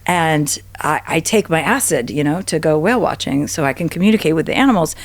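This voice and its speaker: A woman's voice: animated, fairly quick. A woman in her fifties, a podcast guest, telling long travel stories with swearing and acted-out quotes. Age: 50s. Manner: profane, acts out quotes with big pitch jumps. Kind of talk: animated storytelling.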